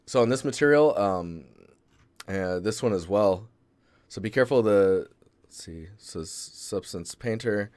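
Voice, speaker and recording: A man hosting a live stream, reviewing a 3D art portfolio in a relaxed, rambling way with lots of fillers and restarts. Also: lowish voice, a little slow, dry recording. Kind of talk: casual live-stream critique.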